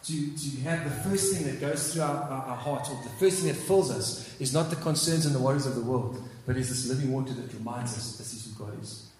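A man's voice: mid-range voice, fairly quick, darkish tone. A man preaching a sermon, earnest and repeating phrases, with fervent rises when he cries out scripture. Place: church hall. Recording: echoey hall with long reverb.

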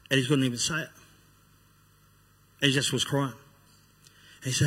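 A man's voice: medium pitch, moderate pace, long pauses, a bit bright, slightly rough. A man telling his personal testimony, blunt and raw, acting out what he once said. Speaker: speaker giving a personal testimony. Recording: long hall reverb.

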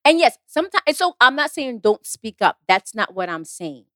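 A woman with a somewhat high voice talks through her acting career as casual motivational advice. She is emphatic and repetitive and acts out the exchanges she quotes. The recording is dry, with no room sound. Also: sing-song, normal speed, sharp tone, dry recording. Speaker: actress giving career advice.

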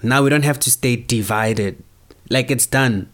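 Young male podcaster from South Africa; loose, slangy, animated monologue. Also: mid-range voice, unhurried. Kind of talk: casual monologue.

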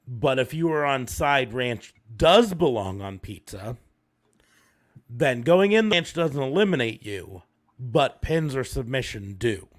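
A man co-hosting a casual chat, rambling with many pauses and fillers. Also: medium pitch. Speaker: podcast co-host.

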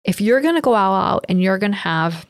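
A woman's voice: mid-range voice, lively intonation, brisk, no echo, studio quality. A woman in her forties co-hosting a podcast, chatting casually and telling family stories with frequent laughs. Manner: chatty storyteller, laughs often. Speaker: podcast co-host. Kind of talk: casual chat.

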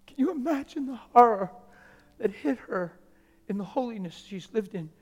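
A man preaching a sermon, dropping to hushed whispers and rising to loud, emotional exclamations. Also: high voice, animated, moderate pace. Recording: long hall reverb with faint music.

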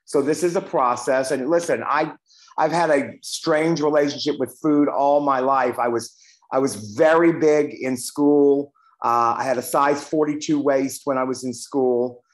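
A man in his sixties reads aloud, then talks candidly about his own recovery at a recovery meeting, swearing now and then and poking fun at himself. His voice is medium in pitch, steady in tone, and a touch slow.

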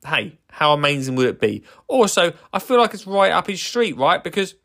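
A man's voice: on the high side, big pitch swings, normal speed, gravelly, a bit bright. A man hosting a casual solo podcast, rambling enthusiastically with lots of fillers and restarts. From England. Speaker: podcast host.

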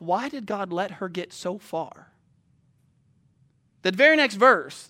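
A male preacher with a high, bright voice who talks with his congregation and keeps asking whether they follow him. He swings from loud, pressing urgency to slow, hushed scripture reading. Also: animated. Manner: conversational, asks the listeners questions. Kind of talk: sermon.

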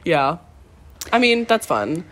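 A woman's voice: fairly low pitch, big pitch swings, slow, a bit bright, slight background noise. A young woman co-hosting a podcast, chatting casually and playfully with lots of fillers. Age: young adult. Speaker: podcast co-host. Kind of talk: casual chat.

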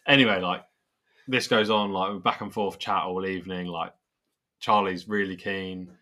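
A young man co-hosting a podcast, telling a story in casual chat, animated and swearing now and then. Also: deep voice, moderate pace. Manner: animated, swears, laughs while telling anecdotes. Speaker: podcast co-host.

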